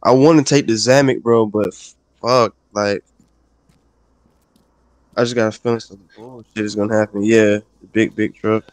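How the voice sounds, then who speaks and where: A man's voice: fairly low pitch, fairly even intonation, normal speed, long pauses, dry recording. A man chatting casually while playing a game with a friend, laid-back, swearing constantly and laughing often. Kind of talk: casual profane gaming chat.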